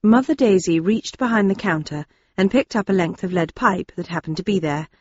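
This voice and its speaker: A woman's voice: mid-range voice, fairly quick, slightly rough, no echo, lo-fi sound. Woman narrating a story, dry and wry. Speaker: audiobook narrator. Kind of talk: scripted first-person narration.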